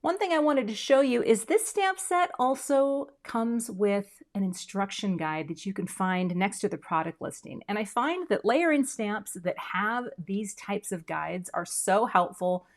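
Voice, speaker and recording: A middle-aged woman hosting a craft video, chatting casually and self-deprecatingly as she works, often dropping to soft murmurs mid-task. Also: mid-range voice, lively intonation, measured pace, hardly any pauses. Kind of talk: casual crafting demo chat.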